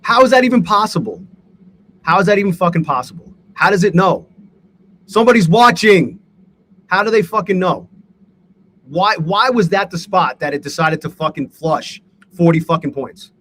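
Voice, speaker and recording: High-voiced man ranting profanely. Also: lively intonation, moderate pace, a bit bright, a little hiss or hum. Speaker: livestream host and day trader. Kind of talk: live trading commentary to chat.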